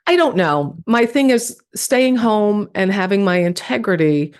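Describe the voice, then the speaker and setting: A woman's voice: mid-range voice, unhurried. A woman from New York, a comedian guest on a podcast, telling stories in casual chat and acting out the voices of the people she quotes. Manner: animated storytelling, acts out quoted dialogue.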